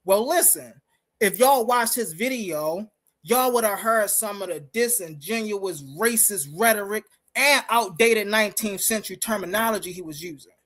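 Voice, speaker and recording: A woman's voice: medium pitch, fairly bright tone. A woman hosting a live-stream commentary, talking in an emphatic, combative way and speaking straight to her listeners. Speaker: host.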